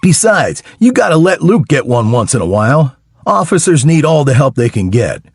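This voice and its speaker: A man's voice: a little high, big pitch swings, normal speed, slightly rough, no room sound, studio quality, heavily acted. A man voicing a cocky Texan male Navy sniper who talks in a laid-back drawl and trades salty banter. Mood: teasing. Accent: Texas.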